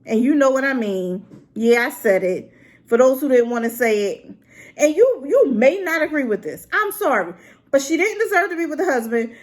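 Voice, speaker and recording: A woman's voice: sits high, very animated, moderate pace. A woman reviewing a drama to camera in an unscripted, rambling rant, exclaiming and talking straight to her viewers. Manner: unscripted and unedited.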